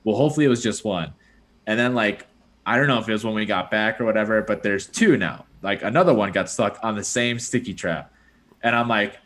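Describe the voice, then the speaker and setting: A man's voice: on the low side, a little fast, a bit bright. A young man, a podcast host, telling a long rambling story in casual chat, full of "like" and "dude".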